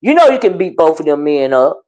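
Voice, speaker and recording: A woman's voice: sits low, a little fast, poor audio. A woman hosting a casual commentary stream, chatting with her live viewers by name and reacting to online drama. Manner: chatty, animated, talks to her chat by name. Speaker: commentary channel host.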